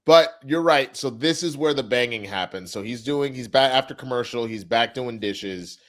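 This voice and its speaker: A man in casual review chat, retelling scenes in an animated way, swearing freely and acting out the characters. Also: medium pitch, moderate pace. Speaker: TV episode reviewer.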